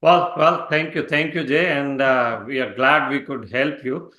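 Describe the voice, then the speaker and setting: A man hosting an online webinar, relaxing and halting as he moderates audience questions. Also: mid-range voice, sharp tone. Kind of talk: casual online Q&A. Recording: echoey room.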